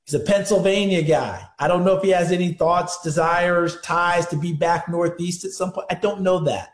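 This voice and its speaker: Male football analyst, slightly higher voice, emphatic storyteller, roomy echoey line. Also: fairly even intonation, moderate pace. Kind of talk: sports radio interview.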